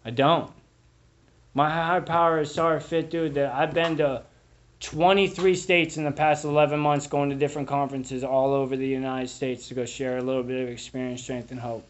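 A man's voice: medium pitch, steady tone, moderate pace, lo-fi sound. A young man from Boston with a Boston accent, telling his recovery story to a crowd in a rambling, profane way full of "dude" and "like.". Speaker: speaker sharing recovery story. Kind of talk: storytelling to a live audience.

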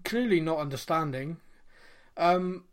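A man's voice: a little high, lively intonation, a little slow, smooth. Man, late thirties, casual podcast chat, earnest, reflective, lots of ums. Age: 30s. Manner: earnest, reflective, with many fillers and restarts. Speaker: podcast co-host.

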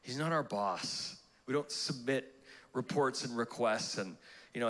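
A young adult man preaching a live church sermon, animated and playful, acting out prayers in comic voices. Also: medium pitch, normal speed. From Canada. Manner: animated, acts out prayers in funny voices, laughs often. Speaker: pastor. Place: church auditorium.

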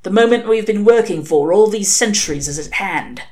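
A woman voicing a cold, malicious senior male demon who speaks with menacing pauses, in a storybook reading. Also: mid-range voice, expressive, a little mellow, pitched above the performer's own voice, close to an everyday voice.

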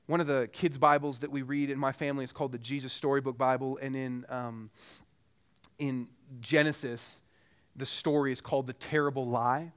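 A man's voice: mid-range voice, level tone, moderate pace, fairly bright tone, smooth. A man preaching a sermon as pastor, earnest and pressing with repeated rhetorical questions.

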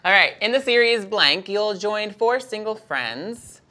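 A woman's voice: medium pitch, lively intonation, measured pace, bright, forceful tone, slight background noise. A woman co-hosting a podcast, reading show descriptions aloud as quiz clues in a casual, easy manner. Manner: reads clues steadily, laughs easily. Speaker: podcast co-host running a quiz.

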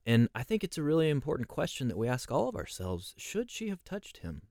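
A man's voice: a little high, wildly swooping pitch, fairly quick, a little mellow, dry recording, clean studio sound. A man leading a conversational Bible study, reflective and posing rhetorical questions.

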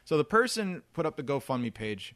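A man with a slightly high voice co-hosts a casual podcast, leading the topics at a moderate pace while ranting animatedly and laughing often. There's no echo.

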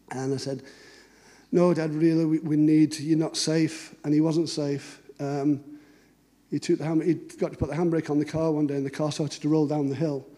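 A middle-aged man tells stories in a relaxed, anecdotal way. His voice sits a little high but has a dark, mellow tone. He slips into the voices of the people he quotes. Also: moderate pace. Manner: conversational, anecdotal, acts out dialogue. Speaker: cartoonist giving a talk. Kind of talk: storytelling talk.

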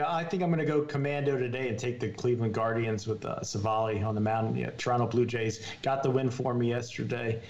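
A man co-hosting a sports betting show, giving his picks in a steady, methodical way with filler uhs. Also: mid-range voice, muffled recording, a little hiss or hum. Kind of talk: casual sports betting chat.

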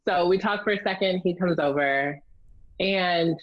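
A young woman telling a candid, profane story in a casual chat, lively and blunt. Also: on the low side, a little slow, muffled recording. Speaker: storyteller guest.

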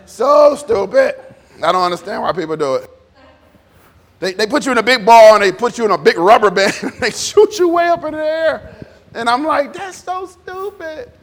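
A man preaching an informal, conversational sermon, animated and repetitive, drawing responses from the congregation. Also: high voice, moderate pace. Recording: long reverb in a church hall.

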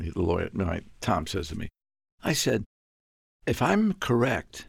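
An older man from Puerto Rico, telling a business story in an interview, acting out the dialogue with sudden high outbursts. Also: sing-song, moderate pace, gravelly, slightly rough, no echo, studio quality. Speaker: guest.

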